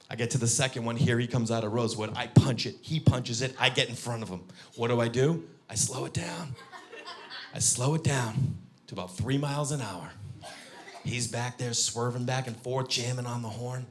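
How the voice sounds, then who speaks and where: Animated male stand-up comedian. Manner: animated, shouts high-pitched impressions for punchlines. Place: live comedy stage before an audience.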